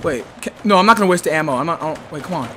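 A man doing excitable, slangy gameplay commentary, muttering one moment and yelling the next. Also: fairly high pitch, rapid-fire, a little hiss or hum. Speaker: gaming YouTuber. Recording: gunfire from the game behind.

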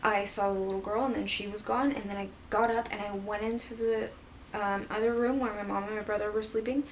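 A woman's voice: mid-range voice, flat delivery, fairly quick. A woman vlogger casually retelling a personal story, rambling with lots of fillers. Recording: voice a bit far from mic, faint background hiss.

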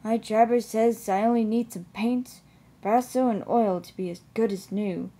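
A woman voicing a sad, proud old male traction engine in a storybook reading, gentle and wistful. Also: a little high, steady tone, normal speed, slightly rough.

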